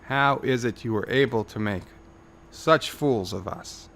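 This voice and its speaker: A man's voice: mid-range voice, unhurried, fairly bright tone, a little hiss or hum. A man voicing a bewildered defeated German officer.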